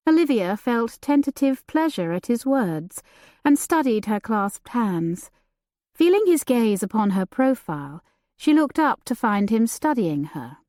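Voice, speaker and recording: A woman narrating a historical romance audiobook in a calm, measured way. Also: on the high side, no room sound, studio quality. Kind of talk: scripted narration.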